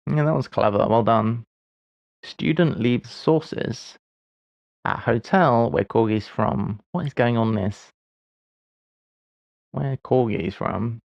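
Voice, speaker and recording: A man's voice: medium pitch, slow, vocal fry, pauses often, a little mellow, dry recording, highs cut off. A man in his forties streaming live, musing aloud as he solves puzzles, with wry, self-deprecating asides. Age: 40s. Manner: muses aloud while solving puzzles. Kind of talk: casual livestream chat.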